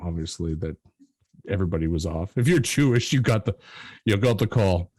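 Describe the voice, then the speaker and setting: Low-voiced, animated man chatting. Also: brisk, no room sound. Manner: animated, swears freely, laughs often. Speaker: podcast co-host. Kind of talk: casual chat.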